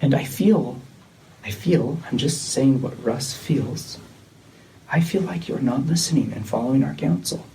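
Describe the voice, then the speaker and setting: A man leading a church disciplinary meeting, talking in a measured, insistent way that often repeats itself. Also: mid-range voice, lively intonation, dark tone. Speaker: church leader. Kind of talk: tense meeting conversation. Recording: distant mic with faint noise.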